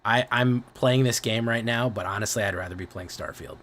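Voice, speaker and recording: A man's voice: on the low side, fairly quick, a bit bright, slight background noise. A young man with a Midwest American accent, chatting casually and profanely on a game stream, often restarting his sentences. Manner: profane, rambling, self-correcting. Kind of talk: casual livestream chat.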